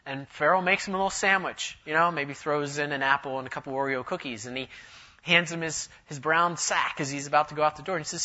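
A man preaching a sermon, telling a story in an animated way, his voice rising and swelling for emphasis. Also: fairly high pitch, fast, lo-fi sound.

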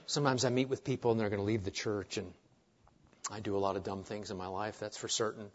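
A middle-aged man preaching a sermon as pastor, swinging between hushed asides and loud, emphatic points. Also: lowish voice, steady tone, fast. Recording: dull lo-fi sermon recording.

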